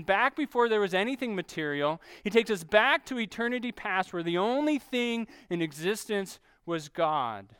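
High-voiced preaching man, smooth and dry. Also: fairly bright tone, dry recording. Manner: teaching, emphatic, slows on key phrases. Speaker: pastor. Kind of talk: sermon.

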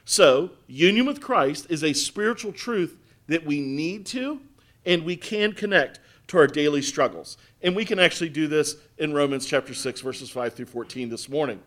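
A man's voice: a little high, expressive, normal speed, fairly bright tone. A man pastor preaching a sermon to his church, earnest and emphatic, with repeated phrases.

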